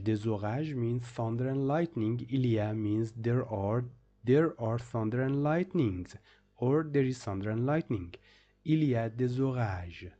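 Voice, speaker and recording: A man's voice: mid-range voice, measured pace, dark tone, highs cut off. A man teaching a beginner vocabulary lesson, repeating each phrase and then translating it patiently. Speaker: French teacher.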